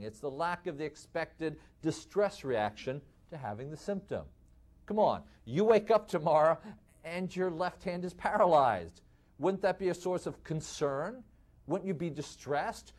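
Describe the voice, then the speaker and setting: Lively Midwestern man lecturing. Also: a little high. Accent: Midwestern American. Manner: lively, rhetorical questions, addresses audience as folks. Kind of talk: recorded lecture to medical students.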